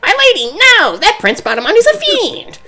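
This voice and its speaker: A woman puts on a nerdy young knight with a nasal, self-important tone, pitched well above her own voice. He is smug and devoted, and his lines swing up and down. This is fan voice acting over a game. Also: huge pitch swings, normal speed, bright, forceful tone, exaggerated voice. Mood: pleading. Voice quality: nasal, pompous.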